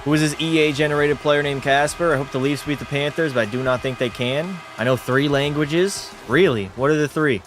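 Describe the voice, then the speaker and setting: A man's voice: a little high, brisk, hardly any pauses, over music. A man hosting a livestream watch party, giving casual commentary and joking, swearing, and bantering with his chat. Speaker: livestream host.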